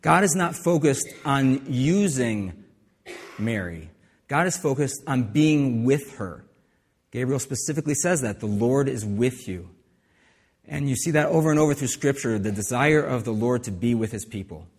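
A man's voice: mid-range voice, animated, moderate pace, husky, long reverb tail. A man preaching a sermon as pastor, in a conversational way with asides and restarts.

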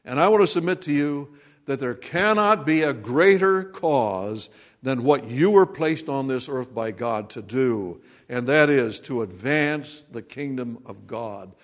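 A man's voice: mid-range voice, animated, a little slow. A man preaching a sermon, earnest and direct, who acts out the voices of people in the scripture and puts pointed questions to his listeners. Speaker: pastor.

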